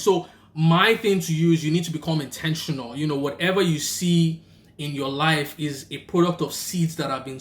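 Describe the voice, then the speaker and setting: A young Nigerian man with a Nigerian accent, telling a personal story and giving faith-based marriage advice in a lively, casual way. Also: a little high, reverberant. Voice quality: animated, acts out the people in his story. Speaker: vlogger and rideshare driver.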